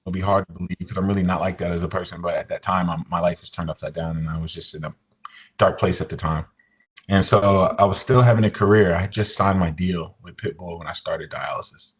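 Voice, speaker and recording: A man in his forties, a podcast guest, telling his story in a relaxed, joking way, full of "you know" and easy fillers. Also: sits low, quick pace, slightly rough. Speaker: podcast guest, musician and motivational speaker. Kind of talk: casual storytelling interview.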